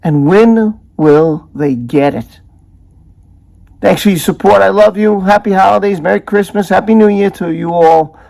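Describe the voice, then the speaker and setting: Indignant man with a high, gravelly voice. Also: a little slow, a little mellow. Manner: indignant, emphatic, repeats strong words. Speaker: commentary channel host. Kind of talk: opinionated video commentary.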